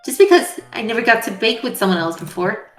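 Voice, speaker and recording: Woman voicing a bossy teen girl, snappish, loud, echoey room. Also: fairly high pitch, big pitch swings, fast, faint music behind. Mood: defensive. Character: prickly teenage girl, defensive and bossy.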